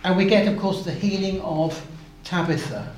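A man preaching a sermon, expounding Bible passages slowly and turning to the congregation with asides. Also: high voice, lively intonation, a little mellow. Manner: slow, measured Bible exposition with asides to the congregation. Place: church hall. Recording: echoey hall, faint ambience.

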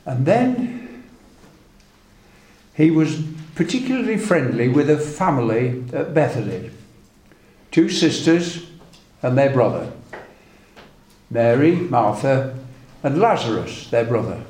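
A man delivers a sermon at an unhurried, deliberate pace, retelling scripture like a story and quoting old verses. His voice sits in a middle register. The recording carries a noticeable room echo. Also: mid-range voice, big pitch swings, a little mellow. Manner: measured, storytelling, reads old scripture aloud. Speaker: preacher.

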